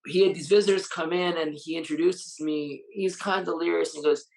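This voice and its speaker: Gravelly, emotional, foul-mouthed man. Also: on the high side, fairly quick, few pauses, low-quality recording. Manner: blunt, heavily profane, openly emotional. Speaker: Muay Thai fighter and coach. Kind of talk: candid interview.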